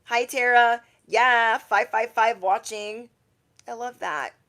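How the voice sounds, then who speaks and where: A woman's voice: fairly high pitch, steady tone, takes it slowly, fairly bright tone. Chatty woman doing a tarot livestream. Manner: chatty, acts out quotes in shifting voices. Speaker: tarot reader. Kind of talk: casual livestream reading.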